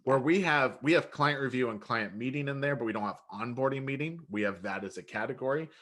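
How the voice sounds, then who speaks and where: Male co-host, average pitch, chatty and quick to add tips. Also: a bit bright. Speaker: co-host answering viewer questions. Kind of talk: live webinar instruction.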